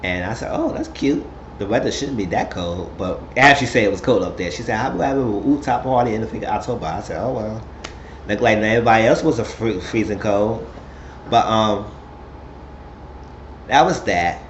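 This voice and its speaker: A man recapping a reality show episode in casual, gossipy storytelling. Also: fairly quick. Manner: chatty storytelling, puts on high voices quoting people. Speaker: recap vlogger. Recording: roomy, dull lo-fi sound with faint hiss.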